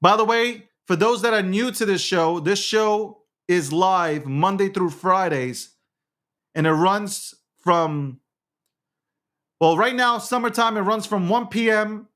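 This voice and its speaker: A man's voice: high voice, slow, fairly bright tone. A man hosting a casual crypto livestream, talking in a hyped, showy, repetitive patter. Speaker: livestream host.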